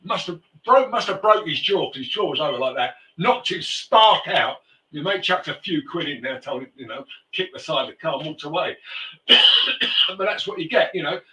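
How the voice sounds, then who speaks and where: A man hosting a talk show in a loose, rambling way, stopping and restarting his sentences. His voice sits a bit high and sounds forceful and bright. He is heard from a distance in an echoey room. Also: expressive, moderate pace. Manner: rambling storyteller, frequent restarts and fillers. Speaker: host. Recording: roomy, distant mic.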